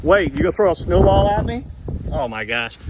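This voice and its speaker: Excitable Louisiana man filming outdoors. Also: sits high, a little fast, noisy background. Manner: excited, laughing often, exclaiming. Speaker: vlogger. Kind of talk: casual outdoor vlog. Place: outdoors in a snowy yard. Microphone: handheld phone camera.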